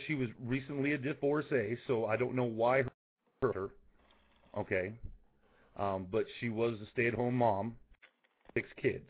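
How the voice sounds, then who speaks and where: A man calling in to a radio show, hesitant and stammering as he makes his case. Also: on the low side. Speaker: radio caller. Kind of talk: call-in conversation. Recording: tinny phone line.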